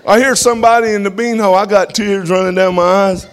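A man giving a church testimony, telling his story in an animated way and punctuating it with "amen" as he speaks. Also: sits high, fast talker.

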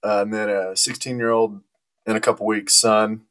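A man's voice: lowish voice, normal speed. A man in his forties in casual conversation, telling stories with frequent laughs. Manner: animated storyteller, laughs often. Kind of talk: casual chat.

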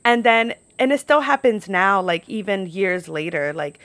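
A woman's voice: mid-range voice, expressive, moderate pace, a bit bright, no echo. Chatty young woman, dry close sound. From New York. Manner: chatty, peppered with "like", swears freely. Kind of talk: casual storytelling monologue.

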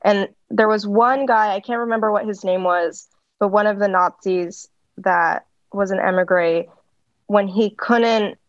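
A woman co-hosts a casual podcast with a deadpan, wry manner and dark jokes. Her voice sits at a middle pitch. It comes through a slightly dull, lo-fi mic with no room sound. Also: vocal fry, no room sound. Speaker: podcast co-host. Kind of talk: casual chat.

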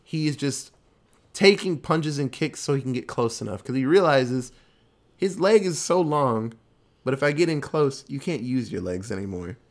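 A man talking through a movie plot in an easygoing, offhand way. He tells it loosely, packs it with fillers and curses freely. His voice sits at an ordinary middle pitch for a man. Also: normal speed. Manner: loose, animated retelling with many fillers and swearing. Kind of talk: casual movie recap.

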